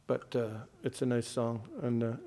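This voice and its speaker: A man's voice: mid-range voice, monotone, normal speed, warm tone, long reverb tail. A man giving a devotional scripture class, explaining terms and quizzing his listeners, with many fillers and restarts.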